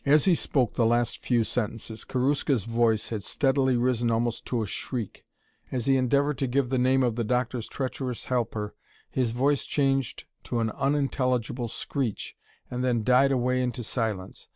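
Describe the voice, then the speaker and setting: A man's voice: medium pitch, fairly even intonation, moderate pace, darkish tone, dry recording. Dry-sounding male audiobook narrator. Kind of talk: scripted narration.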